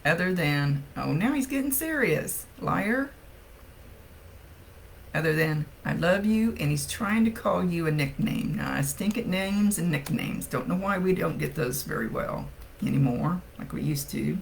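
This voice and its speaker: A woman's voice: lowish voice, expressive, unhurried, creaky, slight background noise, low-quality recording. A woman psychic medium chatting casually through a reading, laughing often as she relays messages.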